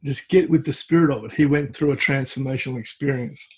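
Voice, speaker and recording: A man, a podcast guest, telling a folk tale in a relaxed conversational way, often stopping and restarting his phrases. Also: medium pitch, fast talker, slightly rough. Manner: hesitant, restarts phrases, tells story with acted quotes. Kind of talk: conversational storytelling. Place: at home with a cat.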